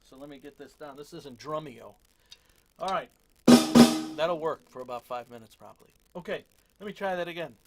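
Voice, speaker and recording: A man giving a casual drum lesson, relaxed and self-deprecating, with lots of fillers. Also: fairly high pitch, normal speed, long pauses, loud music behind the voice. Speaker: drum teacher. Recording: loud drums between talk.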